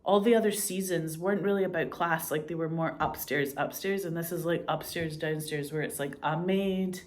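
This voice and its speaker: A woman's voice: deep voice, fairly even intonation, normal speed. A woman in casual chat who swears freely and acts out the lines she quotes. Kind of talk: casual chat about TV shows.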